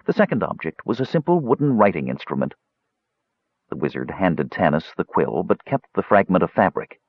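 A man narrating an audiobook in a measured storytelling manner, on a dull lo-fi recording. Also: low voice, very animated, breathy edge, no echo.

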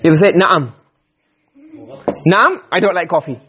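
A man's voice: sits high, expressive, normal speed, dull audio. A man teaching Arabic grammar in a classroom lecture, explaining step by step and quizzing his students.

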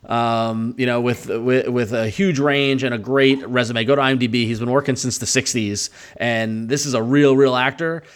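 A man's voice: medium pitch, steady tone, normal speed, few pauses, clear, resonant tone. Rambling man recapping a show. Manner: rambling, many fillers and restarts, laughs often. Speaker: podcast host. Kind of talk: casual chat recapping a TV series.

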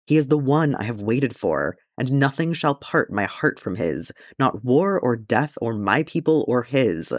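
A man reading a soft-spoken devoted male elf. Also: mid-range voice, lively intonation, measured pace, few pauses, no room sound, studio quality. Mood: impassioned. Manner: soft and earnest, turning insistent. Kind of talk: audiobook character reading.

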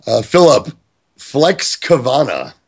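A man's voice: mid-range voice, sing-song, slow pace, gravelly, husky. A man hosting a casual quiz game on a podcast, playful and joking as he reads names from a list. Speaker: quiz host.

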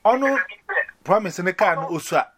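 High-pitched, animated man. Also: a little fast, slight background noise. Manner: rambling, mixes pidgin and local language, repeats words.

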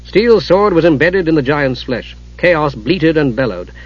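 Reading a fantasy novel aloud, a man delivers steady, dramatic narration at a measured pace. His voice is husky and slightly high, and the audiobook recording sounds dull and lo-fi.

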